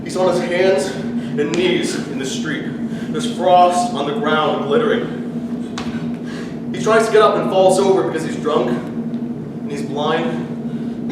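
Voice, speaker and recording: A man as a haunted son recounting his violent childhood, his voice pitched fairly high and grim. He is caught from a distance across an echoing hall, with noise underneath. It is a live stage monologue. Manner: grim, intense monologue delivery. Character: grown man reliving a brutal, drunken childhood home. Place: theatre stage. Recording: echoey hall, distant mic, audible noise.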